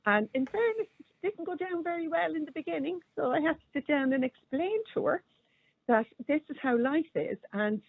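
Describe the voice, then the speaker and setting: A woman's voice: high-pitched, lively intonation, normal speed, no echo. A middle-aged Irish woman calling in to a radio show, chatty and firm as she talks about raising her daughter. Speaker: caller. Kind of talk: phone-in radio call. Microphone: telephone. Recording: tinny phone line.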